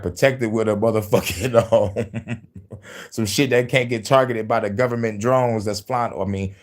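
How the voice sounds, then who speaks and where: A man hosting, ranting in a profane, casual commentary style, often laughing as he talks. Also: fairly low pitch. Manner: animated, laughing, cursing. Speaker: host.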